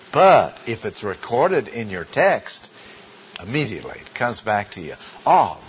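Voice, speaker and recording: A man lectures slowly and deliberately on Greek grammar, pausing to ask his class rhetorical questions. His voice sits in an ordinary middle register. The recording is dull and lo-fi, with a faint hiss underneath. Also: mid-range voice. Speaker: Greek Bible teacher.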